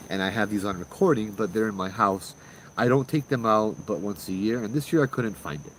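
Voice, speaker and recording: Brief: low-pitched man, host, rambling casual ghost-story telling, faint background noise. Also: fairly quick, poor audio. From Hawaii. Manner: rambling, with many restarts.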